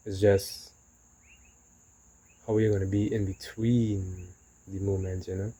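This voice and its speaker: A man's voice: sits low, flat delivery, takes it slowly, mellow, breathy edge, rough recording. A man talking casually in a rambling motivational monologue, often saying "you know". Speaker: vlogger.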